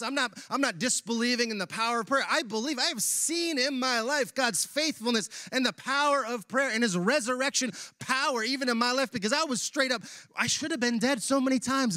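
A male pastor preaching a sermon in a church, casual and animated, using slang as he retells a Bible passage. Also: high voice, no room sound, studio quality. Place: church sanctuary.

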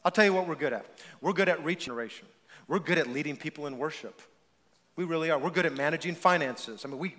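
A man preaching a sermon as pastor, energetic and repetitive with stammered restarts. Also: on the high side, in a large hall. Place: church sanctuary.

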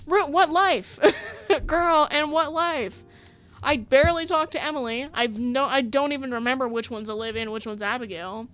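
A young woman chatting casually while playing a story game, animated, laughing often and swearing when annoyed. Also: high voice, moderate pace. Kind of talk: casual gameplay commentary.

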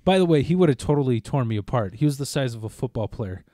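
A man's voice: mid-range voice, quick pace, dry recording, studio quality. A man in casual chat, telling a long story with lots of swearing and acting out what others said. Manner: animated, profane, acts out quotes. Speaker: podcast co-host.

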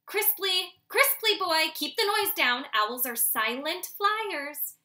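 A woman's voice: very high-pitched, expressive, slow, sharp tone, voice pushed up, exaggerated voice. A woman voicing a strict male owl father lecturing his young son. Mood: stern lecturing.

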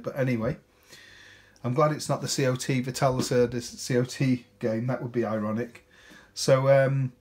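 A man's voice: medium pitch, a little mellow. A man casually talking through a board game unboxing, chatty and rambling, often ending with tag questions.

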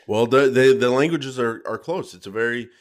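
A man's voice: medium pitch, normal speed. A man co-hosting a podcast in casual chat, playful and teasing, who explains things at length. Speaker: podcast co-host.

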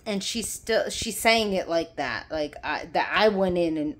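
Young woman, angry sarcastic rant, swearing, bitter laughs, unhurried delivery, phone recording. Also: lowish voice, lively intonation. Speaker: vlogger. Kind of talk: angry personal rant to camera. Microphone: phone camera.

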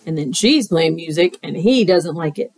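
A woman teacher reading a picture book aloud to children, expressive and playful, with squeals and sound effects. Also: deep voice, moderate pace, dry recording.

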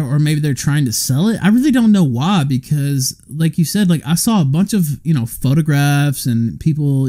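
Man, fairly high voice, mellow tone, sarcastic host, casual stream talk. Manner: leading questions, sarcastic.

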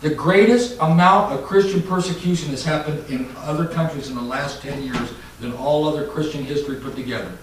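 A man preaching a fiery sermon, swinging from loud mocking shouts to low, intense warnings. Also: a little fast, few pauses, a little hiss or hum. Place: church hall. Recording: echoey church hall mic from a distance.

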